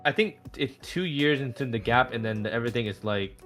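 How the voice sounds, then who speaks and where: Bright-voiced swearing man in casual chat. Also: medium pitch, expressive, a little fast, soft background music. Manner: swears a lot, gets loud and ranty. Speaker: animator streaming.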